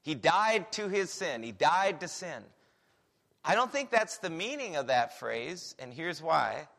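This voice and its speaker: A man preaching a sermon on a Bible passage, animated and full of rhetorical questions. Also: on the high side, measured pace, gravelly.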